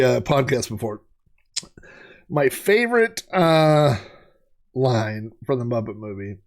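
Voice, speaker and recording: Rambling and chatty, this man hosts a let's play, filling his gameplay commentary with fillers and laughter at his own jokes. His voice is medium-pitched, creaky, and a little mellow.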